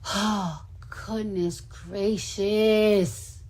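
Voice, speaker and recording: Husky woman venting in a clip. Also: mid-range voice, steady tone, very slow, darkish tone. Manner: rambling, exasperated venting. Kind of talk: livestream clip.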